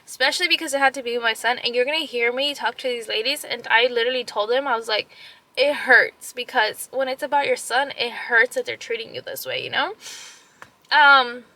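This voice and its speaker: A young woman and mother retelling an upsetting story in a casual vlog, animated, full of "like" fillers and slipping into Spanish phrases. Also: on the high side, a little fast. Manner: upset and emotional. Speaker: vlogger.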